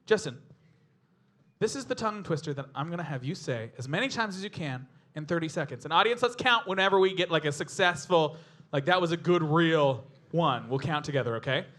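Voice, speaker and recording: A man's voice: a little high, lively intonation, a little fast, fairly bright tone. A man hosting a live comedy game show in front of an audience, bubbly and laughing often as he announces. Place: live stage before an audience.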